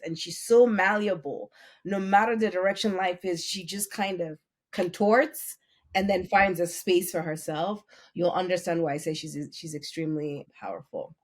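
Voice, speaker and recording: A woman co-hosting a podcast, praising a friend with lively, animated emphasis. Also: lowish voice. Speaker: podcast co-host. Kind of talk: heartfelt casual chat.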